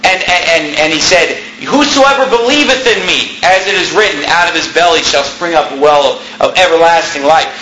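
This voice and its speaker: A man preaching a sermon as the pastor, raising his voice and shouting as he preaches. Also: on the high side, normal speed, hardly any pauses, roomy sound, slight background noise, low-quality recording.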